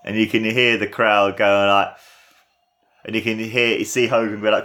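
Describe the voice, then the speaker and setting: Low-voiced man gushing over an old match. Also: normal speed. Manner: gushing, excitable, full of "like" and "you know". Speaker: podcast host. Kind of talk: casual watchalong commentary.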